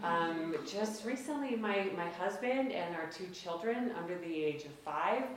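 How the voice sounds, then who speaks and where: A woman in her late thirties telling a personal story to an audience, conversational and self-deprecating, with quick asides. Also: on the low side, lively intonation, a little hiss or hum. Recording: very echoey hall.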